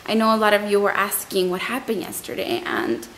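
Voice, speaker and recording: A woman's voice: medium pitch, very animated, a little fast, gravelly, fairly bright tone, a little hiss or hum, poor audio. A young woman vlogger who is still shaken up, telling a long story in a rambling way and often repeating her words. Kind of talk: emotional storytime vlog.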